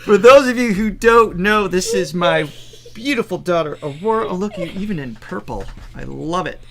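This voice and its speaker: A man's voice: high-pitched, lively intonation, normal speed, vocal fry, crowd noise. A man co-hosting a casual music reaction show as vocal coach, cheerful and often laughing.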